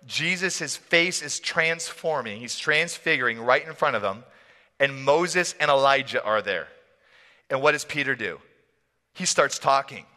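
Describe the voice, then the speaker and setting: A man preaching a sermon as a pastor, telling the story in an animated, playful way with frequent laughs. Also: medium pitch, measured pace. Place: church hall. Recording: long church hall reverb.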